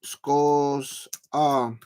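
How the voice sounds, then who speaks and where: Hosting a football watch-along live, this man speaks in a level, warm, clear and resonant voice at a middle pitch. His talk is loose and rambling, his words stretching slowly while he types, and his chat drifts from topic to topic.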